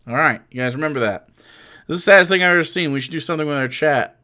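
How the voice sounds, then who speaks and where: A man's voice: on the high side, racing, pushed and bright, no room sound. A young man giving sarcastic, profane live-stream commentary, mocking what he reads on a close desk mic.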